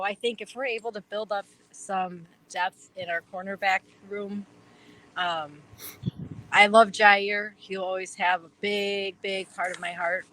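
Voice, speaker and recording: A woman with a Wisconsin accent chats as a podcast guest, rambling eagerly with many fillers. Her voice is bright and forward. A faint hiss sits under the recording. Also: mid-range voice, rough recording. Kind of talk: casual chat.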